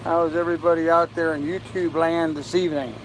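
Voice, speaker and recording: An older man hosting a casual live stream from his boat, tired and unhurried, greeting viewers by name as he reads their comments. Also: a little high, flat delivery, low-quality recording. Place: on a sailboat with air conditioning and fan running. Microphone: phone. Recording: faint fan and air-conditioner hum behind.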